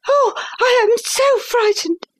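A woman's voice: very high-pitched, moderate pace, voice pushed up. A woman voicing a frightened young governess who speaks in an anxious, breathless way.

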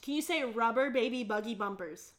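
A woman's voice: fairly high pitch, animated, brisk, a crowd in the background. A young woman hosting a casual podcast, teasing and giggly. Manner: giggly, teasing, asks silly questions. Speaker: podcast host. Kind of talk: casual joking chat. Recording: echoey room.

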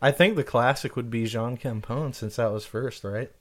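A man's voice: medium pitch, normal speed. A man co-hosting a podcast in casual comedic chat, rambling with many fillers and laughs. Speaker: podcast co-host.

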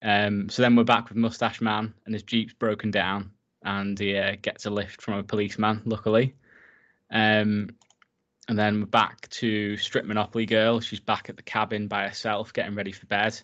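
A man's voice: on the low side, little pitch movement, normal speed, a bit bright, muffled recording. A man casually recapping a horror film for his co-host, enthusiastic and swearing freely. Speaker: podcast co-host.

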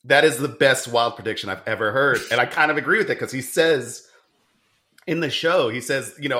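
A man hosting a podcast, chatting in an animated, quick way with many fillers. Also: medium pitch. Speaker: podcast host. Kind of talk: casual chat.

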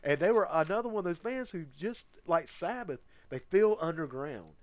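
A man's voice: sits high, moderate pace, dry recording. A man hosting a podcast in casual chat, swearing freely and laughing often. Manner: profane, animated, laughs often. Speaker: podcast host.

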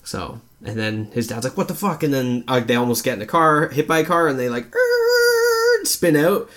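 A man's voice: medium pitch, brisk. A man co-hosting a casual movie review podcast, talking loosely, swearing and acting out scenes in raised voices. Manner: animated, acts out quotes in raised voices, swears freely. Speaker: podcast co-host.

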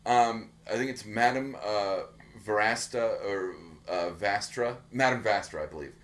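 A man's voice: on the low side, measured pace, a bit bright. A man co-hosting a podcast, chatting casually and enthusiastically, swearing often and restarting his sentences. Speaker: podcast co-host. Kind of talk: casual chat.

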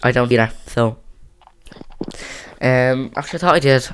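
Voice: medium pitch, moderate pace, clear, resonant tone. Rambling, chatty teen podcast host. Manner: rambling, chatty, many restarts. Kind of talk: casual chat. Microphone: boom mic on a stand.

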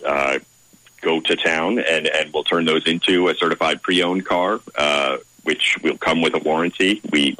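Very deep-voiced man, measured and formal. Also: sharp tone, no room sound, rough recording. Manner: measured, formal, with frequent "uh" pauses. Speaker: guest, director of content at a car website. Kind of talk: radio interview answers.

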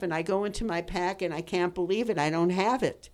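A woman's voice: on the low side, fast, hardly any pauses, a little mellow. A woman in her eighties hosting a radio talk show from the studio, telling a personal story in a rambling, chatty way with many fillers and restarts. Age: 80s.

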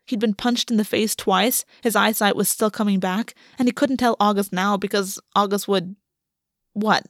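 A woman narrating a work of fiction in an audiobook reading, measured and slowing on the emotional beats. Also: mid-range voice, dry recording, clean studio sound.

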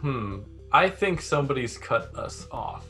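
A man with a bright, sharp-edged voice plays in a tabletop role-playing game. He asks questions hesitantly, often stumbling at the start. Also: medium pitch, expressive, unhurried, faint music behind. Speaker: player. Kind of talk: casual tabletop game talk.

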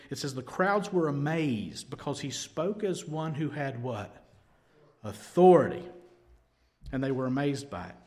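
A man preaching a sermon, retelling scripture with lively storytelling and acted-out quotes. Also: fairly high pitch. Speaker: pastor.

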